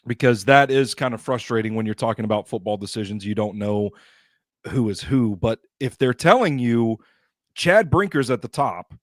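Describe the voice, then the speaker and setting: Measured male sports co-host, dry sound. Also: mid-range voice, expressive, dry recording. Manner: measured, conversational analysis. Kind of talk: casual sports talk.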